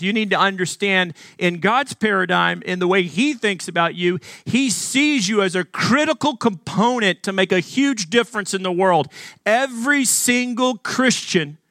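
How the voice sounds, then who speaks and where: High-voiced man from Arkansas preaching. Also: a bit bright, no echo, clean studio sound. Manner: earnest, emphatic preaching with rhetorical questions. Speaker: pastor. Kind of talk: sermon.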